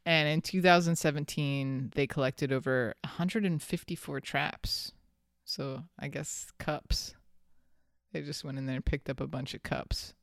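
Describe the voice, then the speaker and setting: A podcast host recounts a story in casual chat, animated and often laughing. The voice is smooth and clear, recorded dry and close. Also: medium pitch, a little slow, no room sound.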